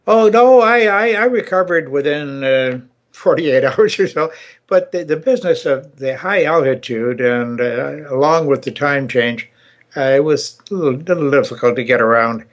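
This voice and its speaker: Older man, podcast host, casual chat, rambling, halting restarts. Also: medium pitch. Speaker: show host. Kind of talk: casual chat and joke telling.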